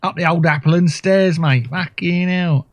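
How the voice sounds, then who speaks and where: A man's voice: extremely high pitch, wildly swooping pitch, drawn-out words, pushed and bright, voice pushed up, exaggerated voice. A man putting on an exaggerated, crude cockney character, talking in sing-song rhyming slang. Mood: rowdy.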